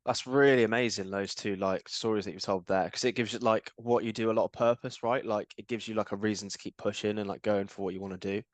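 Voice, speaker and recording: A man hosting a music podcast, relaxed and encouraging, with many "like" fillers. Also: lowish voice, fast talker, hardly any pauses, dry recording. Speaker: podcast host. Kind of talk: casual podcast interview.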